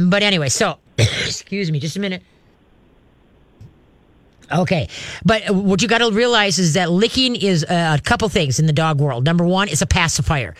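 A man hosts a call-in pet show in a slightly high, folksy voice. He rambles warmly through advice, throwing in growls and playful dog voices. The sound is close and dry. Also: lively intonation, moderate pace, dry recording. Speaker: radio show host and pet trainer.

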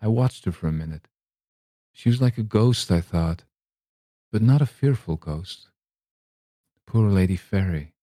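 A man reading a classic short story aloud in measured, scripted narration. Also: low-pitched, lively intonation, dark tone, no room sound, clean studio sound. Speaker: story reader.

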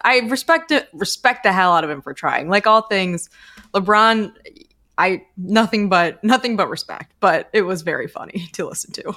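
A woman co-hosting a podcast in casual chat, playful and quick to laugh. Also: on the low side, bright, forceful tone. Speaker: podcast co-host.

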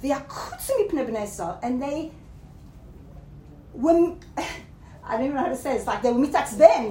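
A woman's voice: expressive, a little fast, mellow. A woman giving a Torah lecture, mixing Hebrew terms into English and often checking in with her listeners. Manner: rising emphatic pitch when stressing points. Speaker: Torah teacher. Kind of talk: lecture to a class. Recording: roomy echo, faint background noise.

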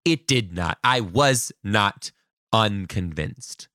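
A man, hosting a podcast, telling funny stories and reading listener emails in an animated, sarcastic way. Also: normal speed, gravelly, no room sound, studio quality. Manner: animated, sarcastic, jumps into high mocking voices. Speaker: podcast host.

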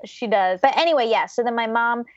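A woman's voice: a little high, a little fast, dry recording, highs cut off. A woman from the US state of Georgia, a podcast guest, talking reflectively about her childhood and laughing often. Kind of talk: casual interview conversation.

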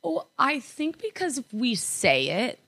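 Young female podcast co-host, crisp and bright, rambling casual chat in a dry room. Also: high-pitched, wildly swooping pitch, a little slow, no room sound. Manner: chatty, lots of likes and restarts. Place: apartment.

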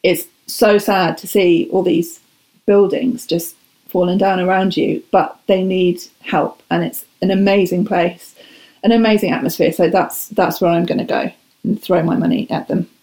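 A woman's voice: lowish voice, fairly even intonation, normal speed, dark tone. A woman talking as a guest in a casual podcast chat, enthusiastic and self-deprecating.

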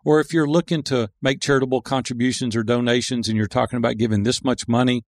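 Middle-aged entrepreneur guest, gravelly, earnest storyteller, dry studio mic. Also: male voice, mid-range voice, quick pace, no room sound. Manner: earnest, animated storytelling with acted quotes. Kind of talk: conversational interview.

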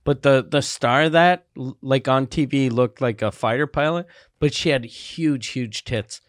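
A man co-hosting a podcast, agreeing often and telling stories with halting restarts. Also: mid-range voice, no echo, clean studio sound. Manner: agreeable, many short yeahs, halting restarts. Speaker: podcast co-host. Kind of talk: casual podcast banter.

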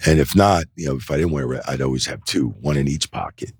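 A middle-aged wrestling referee talks fast in an extremely low, slightly rough voice, recounting loose anecdotes in a casual interview on an indoor set. He acts out the voices he quotes and keeps dropping "you know" and "like." The clean studio sound carries no room noise.

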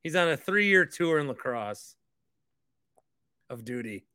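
A man's voice: on the high side, sing-song, slow pace, pushed and bright, clear, resonant tone, no room sound. A man hosting a casual podcast and rambling with joking asides, recorded close on a studio mic. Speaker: podcast host, former radio host.

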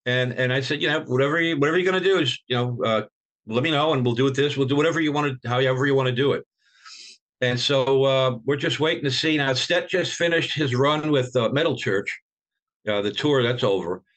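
An older man, a veteran rock bassist, tells stories in an interview in a rambling way with many restarts, acting out the people he quotes. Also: brisk. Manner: rambling, with many restarts, and animated when quoting others. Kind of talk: storytelling in an interview.

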